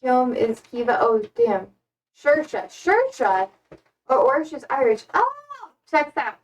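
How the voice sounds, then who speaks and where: A woman's voice: high-pitched, normal speed, distant mic, highs cut off. A young American woman chatting casually with her stream while repotting plants, rambling and self-deprecating. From United States.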